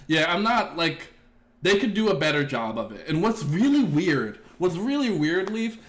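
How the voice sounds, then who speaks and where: A man's voice: mid-range voice, fairly bright tone. A man streaming his game development, chatting casually and rambling with viewers, self-deprecating and cursing now and then. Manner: rambling, self-deprecating, swears and laughs, talks to chat. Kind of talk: casual live-stream chat while coding.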